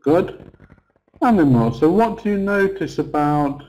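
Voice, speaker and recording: A middle-aged man leads an online English pronunciation lesson. He speaks very slowly and patiently, drawing words out to model each sound. His voice sits at an ordinary, middle pitch. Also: darkish tone, poor audio. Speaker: English teacher.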